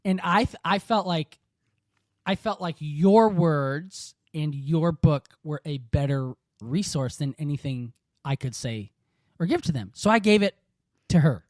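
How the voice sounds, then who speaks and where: A man's voice: fairly high pitch, measured pace, no room sound, studio quality. A man hosting a podcast interview, enthusiastic and rambling, full of "like" and "um". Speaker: podcast host. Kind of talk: casual interview chat.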